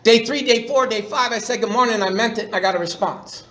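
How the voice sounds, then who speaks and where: A man's voice: high voice, fast talker, fairly bright tone. A middle-aged man telling his recovery story at a meeting in a profane, slangy way, restarting his sentences often. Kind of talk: personal recovery share. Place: meeting room. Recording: echoey room recording.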